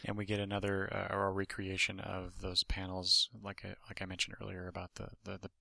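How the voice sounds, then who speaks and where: A man's voice: deep voice, monotone, a little fast, gravelly, bright, forceful tone, no room sound. A man hosting a podcast, casually reviewing a comic book in a rambling way, with many restarts and asides.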